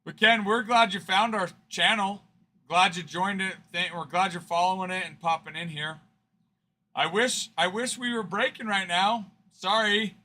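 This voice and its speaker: A man's voice: high voice, fairly even intonation, moderate pace, pushed and bright. A man hosting a card-breaking livestream, chatting and teasing viewers in a casual, joking way. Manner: chatty, teasing banter, fond of the word 'frickin''.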